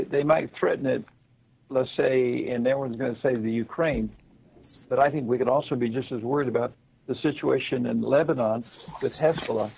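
A man speaking as a guest on a broadcast discussion, halting and full of fillers and restarts, with a gravelly, husky voice. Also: mid-range voice, darkish tone. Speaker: guest commentator. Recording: slightly dull, lo-fi sound.

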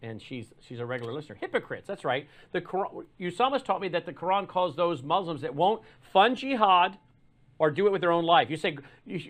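A man's voice: high voice, very animated, fairly quick, fairly bright tone. Talk show man leading the talk. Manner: leading, asks for agreement. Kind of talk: radio talk show discussion.

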